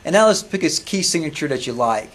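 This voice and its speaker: A man teaching music software to a class, talking casually with many restarts and questions to the students. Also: fairly high pitch, animated, quick pace. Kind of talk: live classroom software demo.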